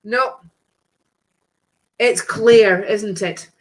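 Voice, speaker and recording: A woman's voice: medium pitch, drawn-out words. Chatty woman doing tarot readings. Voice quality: chatty, warm endearments, breezy exclamations. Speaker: psychic tarot reader hosting a live stream. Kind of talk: casual live-stream card reading.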